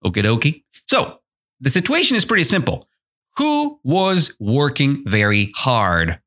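Man, English teacher, unhurried, mid-pitched voice, chatty and encouraging. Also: huge pitch swings, fairly bright tone. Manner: chatty and encouraging, with frequent fillers. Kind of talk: podcast lesson explaining a story.

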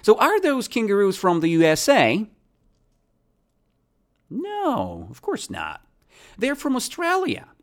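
Slow, lively question-drilling English teacher. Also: mid-range voice. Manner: asks and answers own questions, repeats key words, non-native grammar.

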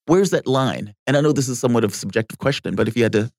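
A man's voice: medium pitch, racing, darkish tone, dry recording, studio quality. A man co-hosting a political talk podcast, chatting casually, laughing often and slipping into playful impressions. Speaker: podcast co-host.

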